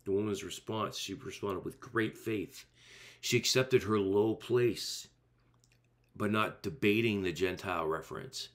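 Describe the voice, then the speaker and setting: A man's voice: fairly low pitch, a little slow, a bit bright. A male pastor preaching a sermon in an earnest, emphatic way, driving points home with repeated rhetorical phrases.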